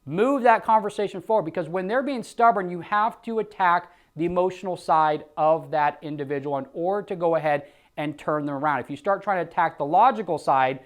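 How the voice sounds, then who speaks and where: A man's voice: on the high side, brisk, few pauses. A man coaching insurance agents, acting out phone scripts and punching points with emphatic exclamations. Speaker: sales trainer. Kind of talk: sales coaching lesson with role-played scripts.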